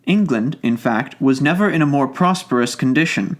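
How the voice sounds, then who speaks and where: A man's voice: mid-range voice, lively intonation, normal speed, natural voice. A man playing a cold, emphatic Tory doctor. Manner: cool, emphatic, lecturing. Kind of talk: audiobook character reading.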